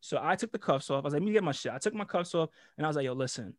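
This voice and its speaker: A man with a fairly high voice tells a long story to friends, animated and profane, laughing between lines. The sound is close and dry, with no room around it. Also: rapid-fire, dry recording. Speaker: podcast co-host. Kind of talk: casual storytelling chat.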